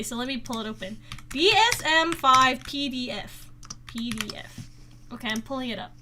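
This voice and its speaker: A woman's voice: high-pitched, expressive, moderate pace, very noisy. A woman livestreamer chatting casually with her viewers, teasing and giggly with a playfully sarcastic edge, speaking into a desk microphone at home. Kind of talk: casual chat with live viewers.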